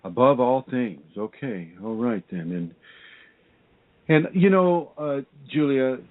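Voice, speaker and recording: A man's voice: medium pitch, lively intonation, slow. A man hosting a radio interview, asking probing questions over a tinny phone line. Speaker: radio show host and spiritual teacher. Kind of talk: interview on a call-in radio show.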